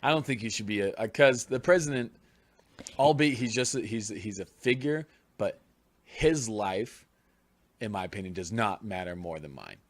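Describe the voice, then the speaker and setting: A man's voice: on the low side, lively intonation, normal speed, no room sound. A man co-hosting a podcast in casual chat, blunt and argumentative, swearing freely. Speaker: podcast co-host.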